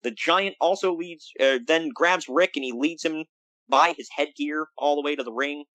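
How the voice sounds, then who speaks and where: A man talking at a moderate pace is heard on a dry, low-quality recording. His casual podcast chat recaps wrestling with plenty of jokes, animated energy and big pitch swings for emphasis.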